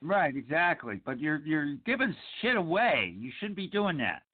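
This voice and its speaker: Lively-voiced man, tinny phone-like sound. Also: fairly high pitch. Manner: earnest and measured, makes his points with fillers. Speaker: movie commentary co-host. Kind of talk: casual chat over a movie.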